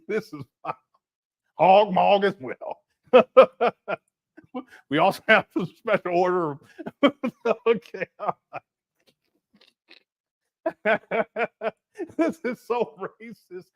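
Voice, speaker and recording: A man hosting a livestream, commenting casually and mockingly while laughing often. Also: sits high. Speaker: livestream host.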